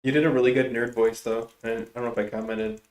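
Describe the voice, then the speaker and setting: A man's voice: mid-range voice, steady tone, reverberant. A young man streaming a game, chatting casually with teammates, joking and laughing often. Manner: jokey, laughs often, quick reactions. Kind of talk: casual gameplay chat.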